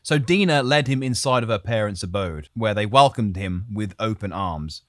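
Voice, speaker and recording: A man's voice: on the low side, lively intonation, normal speed, dry recording, studio quality. Jokey man telling a story. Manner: jokey, laughs often, rambling asides. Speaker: podcast co-host telling the story. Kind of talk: casual storytelling chat.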